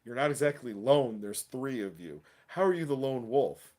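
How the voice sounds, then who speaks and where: A man hosting a casual wrestling livestream, talking excitedly in slangy chat and laughing often. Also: medium pitch, moderate pace. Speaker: wrestling show host.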